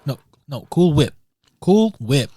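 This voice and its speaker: A man's voice: fairly high pitch, very animated, slow, dark tone, slightly rough, no room sound. A young man, co-hosting a podcast with short, playful interjections. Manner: playful, jumps in with short remarks. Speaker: podcast co-host. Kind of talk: casual chat.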